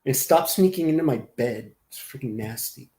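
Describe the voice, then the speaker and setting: A man's voice: medium pitch, lively intonation, normal speed, darkish tone. Rambling, laughing man in an echoey room. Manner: rambling, laughing, reacting to chat. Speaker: livestream host. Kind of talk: casual livestream chat.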